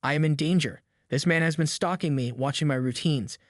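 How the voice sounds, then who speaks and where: A man's voice: fairly high pitch, brisk, no room sound, studio quality, natural voice. A man voicing a pushy, entitled woman neighbor who talks in a theatrical, demanding way in a storybook reading. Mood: indignant.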